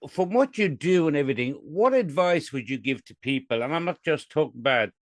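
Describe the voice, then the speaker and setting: A male interview host with a slightly raised pitch leans into his questions with encouragement and laughs easily. The sound is close and dry, with no room around it. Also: animated, dry recording. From Ireland. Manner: warm, encouraging, quick to laugh. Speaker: podcast host. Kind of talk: casual interview.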